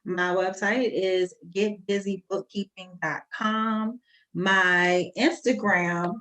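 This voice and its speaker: Friendly woman bookkeeper guest. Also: fairly low pitch. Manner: friendly, plugging her business with fillers. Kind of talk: casual podcast chat.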